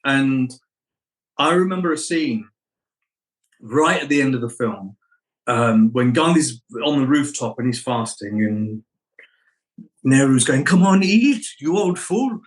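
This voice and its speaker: A middle-aged man, an actor being interviewed, reflecting on his craft and telling animated anecdotes. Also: medium pitch, slow pace, pauses often, low-quality recording. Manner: animated anecdotes, acts out quoted voices.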